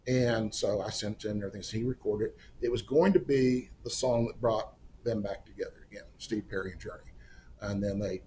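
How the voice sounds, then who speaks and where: A man's voice: fairly low pitch, fairly even intonation, moderate pace, warm tone, a little hiss or hum. A middle-aged man, a singer-songwriter guest, telling a long anecdote in a casual, wry, self-deprecating way and acting out the people he quotes. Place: studio or room in Oklahoma.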